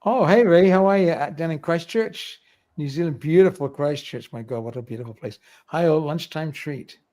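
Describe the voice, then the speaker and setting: A man's voice: a little high, moderate pace, dark tone. A middle-aged man hosting a livestream, chatting casually, reading viewer comments aloud and laughing often. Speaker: livestream host.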